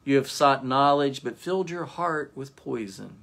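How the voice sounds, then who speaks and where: A man voicing a calm, stern angel who speaks quietly and firmly. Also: medium pitch, normal speed, vocal fry. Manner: quiet, firm.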